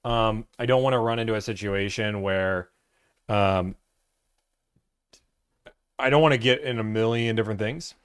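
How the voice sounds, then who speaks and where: A man's voice: lowish voice, normal speed, long pauses, clean tone. A man, hosting a livestream from his office, chatting casually and teasing the chat with sarcasm. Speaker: livestream host, car buying broker.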